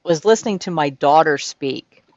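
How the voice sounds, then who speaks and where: A woman's voice: low voice, expressive, moderate pace, a little mellow, no echo, lo-fi sound. A woman telling amused stories about her daughter in casual chat. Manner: amused storytelling with laughs. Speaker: mother, festival performer.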